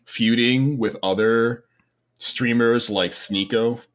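A man's voice: mid-range voice, fairly even intonation, slow pace, a bit bright. A man co-hosting a podcast, talking in a meandering, hesitant way with many ums. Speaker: podcast co-host. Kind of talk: casual podcast chat.

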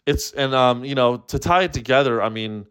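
A man's voice: mid-range voice, normal speed, a bit bright, smooth. A young man hosting a solo comedy podcast, who swears often and rambles with frequent false starts. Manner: profane, rambling, full of restarts.

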